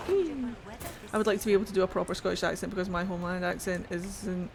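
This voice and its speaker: A Geordie woman from Newcastle streams a game from home and chats away in a loose, casual way. She swears freely and answers her chat out loud. A faint hiss sits under her voice. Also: fairly low pitch, little pitch movement, rapid-fire, creaky. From Newcastle, England.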